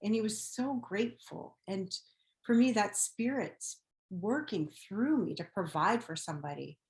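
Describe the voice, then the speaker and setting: A woman hosting a spiritual podcast, telling personal stories in an earnest, gentle way. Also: mid-range voice, animated, unhurried, echoey room. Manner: earnest, gentle storytelling about faith. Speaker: podcast host.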